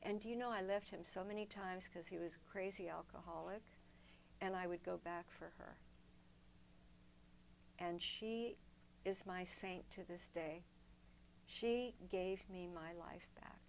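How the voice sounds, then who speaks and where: A woman's voice: fairly low pitch, unhurried, creaky, pauses often, a little hiss or hum, low-quality recording. An older woman, a guest in an interview, telling long personal stories in a reflective way, often restarting her sentences. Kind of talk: storytelling in a sit-down interview.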